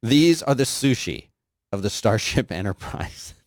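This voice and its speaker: A man's voice: lowish voice, lively intonation, a little slow, dry recording. A man hosting a show in casual, enthusiastic, rambling chat. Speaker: podcast host.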